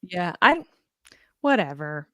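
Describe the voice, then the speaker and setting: A woman's voice: fairly low pitch, very animated, slow, sharp tone, dry recording, clean studio sound. A woman co-hosting a podcast in casual chat, reading out listener answers with a teasing, giggly manner. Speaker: podcast co-host.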